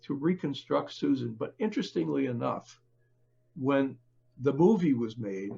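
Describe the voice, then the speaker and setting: An older man, a book author, speaking as a podcast guest in a halting, conversational way with many fillers and restarts. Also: mid-range voice, lively intonation, creaky, mellow, slightly rough, lo-fi sound. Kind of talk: conversational interview.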